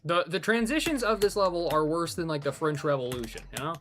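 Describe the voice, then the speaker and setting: A man's voice: fairly high pitch, a little fast, a bit bright, slight background noise. A man streaming a hard game live, talking casually with an exasperated, rambling and joking manner.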